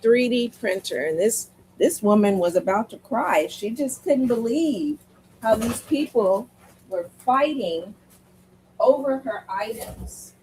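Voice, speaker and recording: A woman with a fairly high voice hosts her own live sales stream. She tells chatty stories at an unhurried pace and talks straight to her viewers, repeating lines for emphasis. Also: lively intonation, a little mellow, a little hiss or hum, low-quality recording. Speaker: livestream seller. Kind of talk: casual live stream chat. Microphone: streaming mic.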